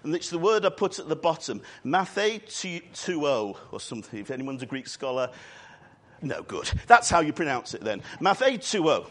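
A man preaching a sermon in church, earnest and emphatic, drawing out key words and adding quick asides. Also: on the high side, animated, fairly bright tone.

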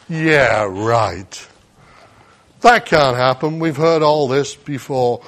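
High-voiced animated male preacher. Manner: animated storytelling, acting out voices and laughing. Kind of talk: sermon.

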